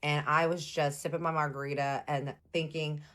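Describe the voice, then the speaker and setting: A young woman from Texas telling a personal story in a casual vlog, animated, playful and slangy. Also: deep voice, normal speed.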